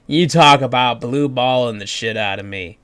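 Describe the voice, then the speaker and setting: Excitable, profane male podcast host. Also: mid-range voice, moderate pace, clear, resonant tone, no echo. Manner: excitable, profane, animated retellings. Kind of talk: casual review chat.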